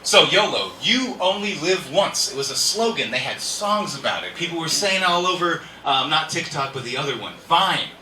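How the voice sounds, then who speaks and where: A man's voice: a little high, sing-song, moderate pace, few pauses, bright, forceful tone. A man doing a rambling, self-deprecating stand-up comedy set on a club stage. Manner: rambling, self-deprecating, chatty asides to the crowd. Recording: echoey room, from far off, faint noise.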